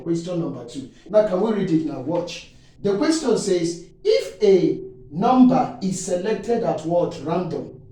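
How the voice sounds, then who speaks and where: A male maths teacher with a fairly high voice, walking through an exam problem. He leaves sentences hanging on "what?" and keeps checking in with his students. He is recorded from some way off the mic in a very echoey room. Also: a little mellow, far from the mic. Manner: leaves questions hanging with "what?" for the class to answer, checks in repeatedly. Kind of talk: exam-prep lesson explanation.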